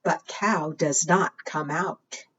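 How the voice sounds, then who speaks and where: A woman librarian reading a picture book to preschool children, animated, asking them questions and singing along. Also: deep voice, takes it slowly, slightly rough. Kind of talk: preschool storytime read-aloud. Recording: distant, dull lo-fi sound.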